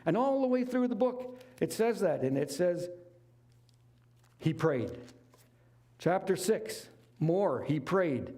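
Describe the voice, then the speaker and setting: A man's voice: high-pitched, big pitch swings, slow, long pauses, warm tone. A middle-aged man preaching a sermon, retelling a Bible story in a conversational, folksy way with casual asides. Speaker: lay preacher.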